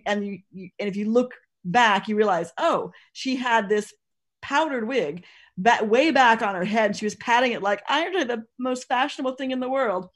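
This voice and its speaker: A woman co-hosting a podcast, chatting casually in a rambling, profane way with lots of restarts. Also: medium pitch. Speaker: podcast co-host discussing costumes. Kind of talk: casual chat.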